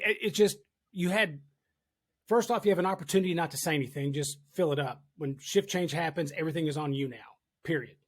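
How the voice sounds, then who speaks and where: A man hosting a casual podcast, telling a firehouse story in a candid, storytelling way, swearing freely. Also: on the high side. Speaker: podcast host, firefighter. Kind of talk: casual conversation.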